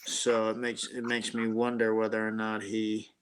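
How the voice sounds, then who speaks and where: A man's voice: lowish voice, monotone, moderate pace, crowd noise. A man hosting a casual live stream about watches, chatting and telling a rambling story. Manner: rambling storyteller, reads chat names.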